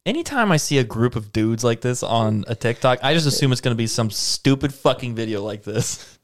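A man casually chatting and reacting to online videos with a co-host, blunt and quick to swear. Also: medium pitch, expressive.

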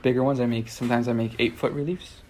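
A man from New York, a guest artist, telling stories in a relaxed, rambling way and laughing often. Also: mid-range voice, fast talker, slight background noise. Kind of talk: casual storytelling.

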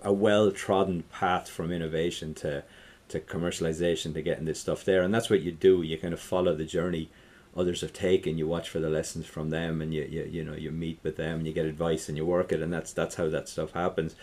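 A middle-aged Irish man, a tech entrepreneur, chatting in an interview, rambling with many restarts and trailing off quietly. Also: very deep voice, flat delivery, fairly quick. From Ireland. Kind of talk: casual interview chat.

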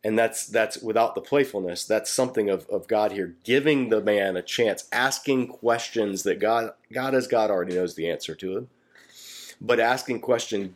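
A man's voice: lowish voice, normal speed. A man teaching through a Bible passage in a casual, conversational way, animatedly acting out the people he quotes.

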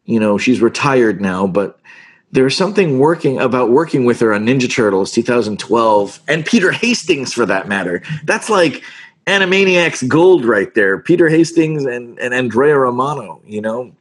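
A middle-aged man talks casually with an interviewer about his work in voice acting. He tells his stories in an animated, self-mocking way and performs the lines he quotes. His voice sits at an ordinary pitch for a man. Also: moderate pace, breathy edge. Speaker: voice actor guest.

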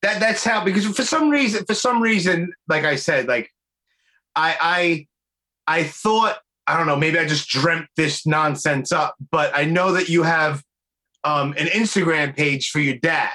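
A man's voice: a little high, measured pace, pushed and bright. A man hosting a podcast in casual chat, slangy and swearing a lot, calling his guest "dude". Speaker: podcast host.

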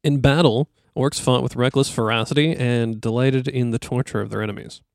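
A man reads through lore notes on a casual podcast in an even way. His voice is smooth and clear at a middle pitch. The recording is dry and close. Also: a little fast, dry recording. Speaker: podcast co-host. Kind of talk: casual chat.

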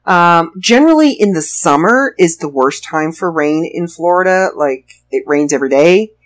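A woman's voice: on the low side, expressive, normal speed. A woman, an author and show host who lives in Florida, telling stories in a chatty, wry and sarcastic way and laughing often. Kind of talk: casual storytelling monologue.

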